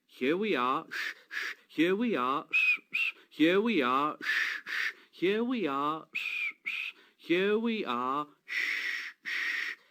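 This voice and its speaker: A man's voice: a little high, big pitch swings, slow, pauses often, pushed and bright, full character voice. A man voicing a cheerful small steam engine in a storybook reading, chanting in rhythm with puffing sounds. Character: cheerful small old tank engine, eager and proud.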